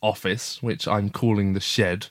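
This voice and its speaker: With a lowish, fairly even voice and a measured pace, a father runs a relaxed family podcast out of a garden shed office, cheerfully prompting and gently ribbing his young daughter. The recording is dry and studio quality.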